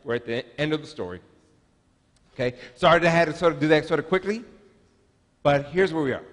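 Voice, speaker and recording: A man in his forties preaches with a high, lively voice that swoops up and down. He tells stories in a chatty, humorous way that draws the congregation in. His words ring with the long reverb of a church sanctuary. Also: a little fast. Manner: animated, humorous, chatty storyteller. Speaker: pastor. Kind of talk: sermon with personal storytelling.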